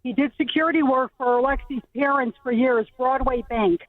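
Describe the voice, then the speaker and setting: A woman's voice: high-pitched, fairly even intonation, moderate pace, no room sound. A woman calling in to a radio show, gushing and earnest. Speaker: radio caller. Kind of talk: phone-in call. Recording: tinny phone line.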